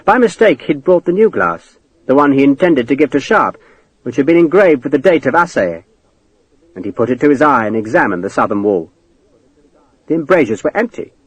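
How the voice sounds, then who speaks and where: A man narrates an audiobook with a dramatic, expressive delivery. His pitch moves around a lot through the sentences. The recording is close and dry, with no room echo. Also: a little fast. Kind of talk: scripted narration.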